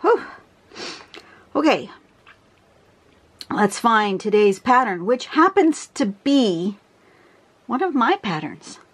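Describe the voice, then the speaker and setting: A woman's voice: fairly high pitch, sing-song, takes it slowly. A woman explaining a drawing pattern in a casual, rambling tutorial, with frequent fillers. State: out of breath. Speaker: drawing teacher.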